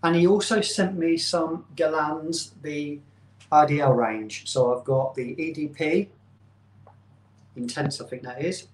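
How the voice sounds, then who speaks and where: A man's voice: on the high side, a little slow. A man hosting a casual live stream, chatty and rambling, often poking fun at himself. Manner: chatty, rambling, self-deprecating. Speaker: channel host. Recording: roomy echo.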